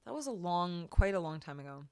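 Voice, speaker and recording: Her voice sits on the low side, warm and smooth, very animated and fairly quick. Streaming songs from a home room fitted with foam panels, this young singer and host chats loosely with the live chat, repeating phrases and laughing in between.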